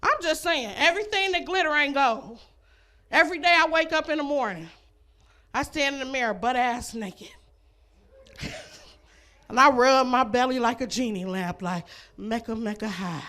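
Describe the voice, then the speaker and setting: A woman's voice: sits high, expressive, moderate pace, long pauses, bright, forceful tone. A woman doing a stand-up comedy set, brash and laughing between her jokes, on a comedy club stage.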